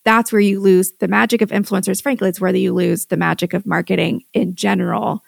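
A woman co-host speaking with an extremely gravelly vocal fry, emphatic and animated, with many fillers. Her voice sounds dry and close, with no room around it. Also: medium pitch, fairly quick, dry recording. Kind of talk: podcast conversation.

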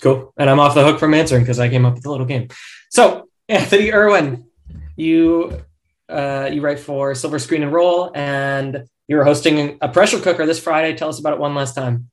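A man's voice: on the high side, normal speed. A man hosting a casual sports podcast, laughing often and keeping the banter upbeat. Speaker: podcast host.

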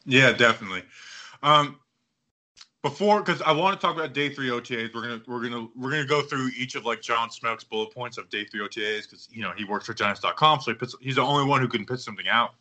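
A man hosting a casual sports podcast, talking in a rambling, excitable way and acting out other people's quotes. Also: mid-range voice, fast talker. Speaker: podcast host.

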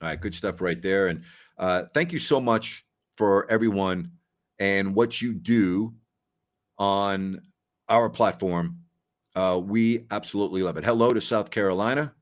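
A man's voice: deep voice, a little slow. A man in his sixties hosting a sports talk show in a folksy, exclamatory, rambling way. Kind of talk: casual chat.

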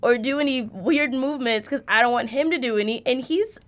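A young woman co-hosting a podcast, a mother telling an animated, profane story in casual chat. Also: high voice, fairly quick. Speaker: podcast co-host.

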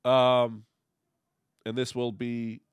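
A man hosting a casual podcast chat, telling rambling stories in an animated way on a studio microphone. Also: medium pitch, very slow, smooth, dry recording. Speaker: podcast host.

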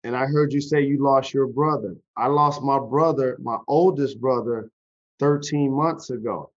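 Slow, earnest podcast host, a man. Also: mid-range voice, highs cut off. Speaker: podcast host, former pro athlete. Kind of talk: interview questions and personal reflection.

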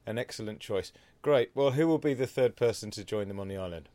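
A man hosts a podcast in a fairly low voice, relaxed and quick to agree with his guest. The recording is dry and close, with no room sound. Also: no echo. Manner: easygoing and agreeable, many "yeah"s. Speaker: podcast host. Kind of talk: casual podcast chat.

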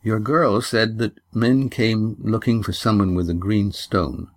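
A man voicing a calm, patient traveller who speaks steadily. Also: on the low side, a little slow, dry recording.

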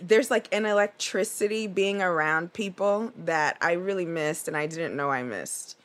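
A woman's voice: on the low side, normal speed, fairly bright tone. A woman guest on a podcast, talking in a chatty, rambling way with lots of "like". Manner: chatty and rambling, heavy use of "like". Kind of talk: casual chat.

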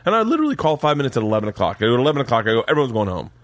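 A man hosting a podcast, telling stories loudly with plenty of swearing in casual chat. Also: medium pitch, big pitch swings, racing, no room sound, studio quality. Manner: loud, profane storyteller. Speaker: podcast host. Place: home man cave.

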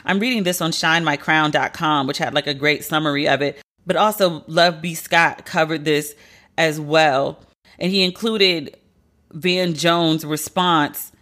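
A woman hosting a podcast, giving candid, profane commentary with sharp swings of pitch for emphasis. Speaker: podcast host. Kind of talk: casual commentary monologue.

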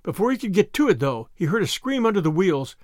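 Male audiobook narrator, dramatic reading, high pitch, very lively intonation, dry close sound. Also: quick pace, no echo. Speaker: audiobook reader. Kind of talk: scripted narration of a classic novel.

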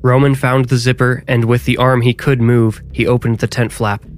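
A man reading a scripted horror story aloud, with measured, dramatic storytelling. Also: medium pitch, level tone, soft background music.

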